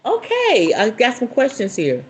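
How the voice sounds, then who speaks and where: Low-voiced Southern woman, chatty and folksy. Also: measured pace. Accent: Southern American. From Southern United States. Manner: chatty and folksy, calls listeners y'all and baby, bursts of laughter. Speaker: spiritualist host. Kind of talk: casual live talk answering viewer questions.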